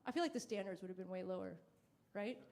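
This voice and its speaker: A woman performing a stand-up comedy set on stage, deadpan and self-mocking, acting out little quoted exchanges. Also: medium pitch, quick pace. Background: audience laughter.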